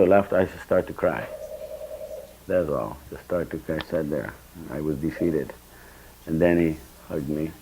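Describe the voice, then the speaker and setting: Deep mellow older man telling stories. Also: low-quality recording. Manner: storytelling, acts out dialogue, bursts of emphasis. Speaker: speaker giving a scripture class. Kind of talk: sermon with personal stories. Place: temple hall.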